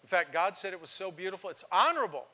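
A man's voice: sits high, big pitch swings, fast, pushed and bright. A man preaching a sermon to a congregation, emphatic and asking rhetorical questions. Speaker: pastor.

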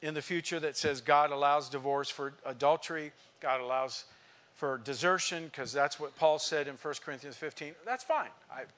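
A man's voice: fairly high pitch, normal speed, fairly bright tone. A man preaching a sermon to a congregation, emphatic and asking rhetorical questions. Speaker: pastor.

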